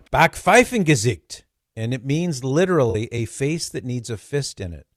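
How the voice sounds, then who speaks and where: A man's voice: mid-range voice, animated, moderate pace, darkish tone, dry recording, clean studio sound. A man hosting a radio talk show, chatting casually and laughing easily as he repeats words for fun.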